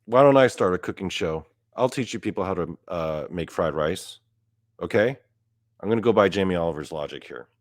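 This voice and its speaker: Young man, deep low voice, profane comedic rant, dry close mic. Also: lively intonation, fairly quick, no echo. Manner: profane, gets louder and higher when outraged. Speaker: podcast host. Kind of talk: ranting comedic monologue.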